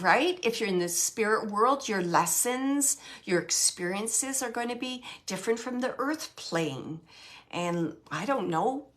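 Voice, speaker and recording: A woman's voice: on the high side, a bit bright. A middle-aged woman hosting a casual live chat as a medium, rambling and correcting herself as she reassures viewers.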